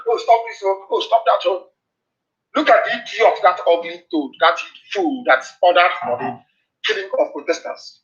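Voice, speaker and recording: A man's voice: a little high, a bit bright. A middle-aged man from Nigeria with a Nigerian accent, giving a fiery political address full of impassioned denunciations and repeated warnings. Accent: Nigerian English. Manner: impassioned, denouncing, repetitive warnings. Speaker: activist broadcaster. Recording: dull lo-fi broadcast replay.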